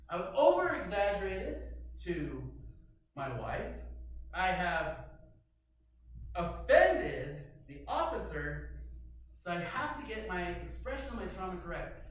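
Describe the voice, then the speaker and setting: A man telling a comic personal story on stage, animated, with loud bursts and quiet asides. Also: sits high, heavy reverb, recorded from a distance, a little hiss or hum, rough recording. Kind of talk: stand-up storytelling.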